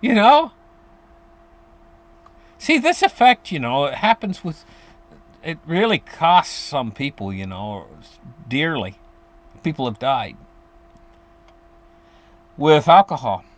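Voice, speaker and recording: A man with a high, lively voice that leaps up and down as he explains money matters straight to his viewers. He rambles, doubles back on his sentences and chuckles now and then. It sounds casual and unscripted. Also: takes it slowly, long pauses. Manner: animated, rambling with restarts and chuckles. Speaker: finance commentator.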